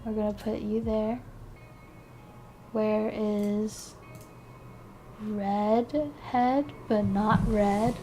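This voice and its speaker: A woman's voice: mid-range voice, steady tone, drawn-out words, pauses often, warm tone, faint music behind. A tired woman streaming casually, chatting and mumbling to herself as she works, with a self-deprecating manner. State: tired, yawning. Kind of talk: casual live-stream chat.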